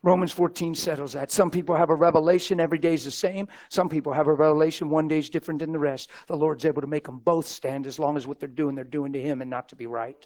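A middle-aged man preaching in a folksy, animated way, telling stories and acting out the people in them. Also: fairly high pitch, quick pace, few pauses. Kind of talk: storytelling sermon.

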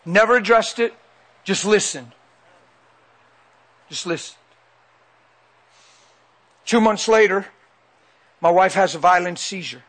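High-voiced man preaching emphatically. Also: fairly bright tone. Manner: emphatic, repeats phrases for weight. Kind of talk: sermon. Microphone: handheld mic.

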